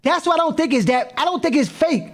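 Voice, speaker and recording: Animated high-pitched man reacting on stream. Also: fast talker. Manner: animated, repeats himself, calls out to people. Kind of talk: live-stream reaction commentary.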